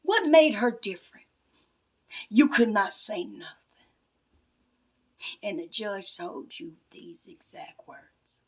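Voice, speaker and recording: A woman giving an emotional personal testimony aimed at her mother, confrontational and swinging between hushed whispers and a raised, accusing voice. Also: a little high, animated, slow pace, gravelly, long pauses, breathy edge. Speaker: self-styled spiritual priestess.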